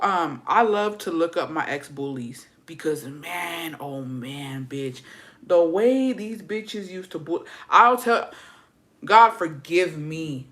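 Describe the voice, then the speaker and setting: A woman talks straight to her viewers in a loose storytime chat. Her delivery is gossipy and animated, and she swears constantly. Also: fairly low pitch. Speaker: vlogger.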